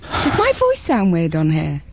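A woman's voice: lowish voice, wildly swooping pitch, unhurried, a little hiss or hum. Laughing woman guest on a remote line. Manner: laughing, playful. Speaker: guest presenter. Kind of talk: radio banter. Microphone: remote line with slight delay.

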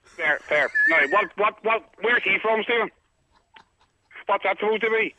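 A man's voice: high voice, normal speed, noisy background. A Northern Irish man calling in to a radio show, effusive and rambling, and he keeps repeating the host's name. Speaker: caller. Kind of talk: phone-in chat. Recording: tinny phone line.

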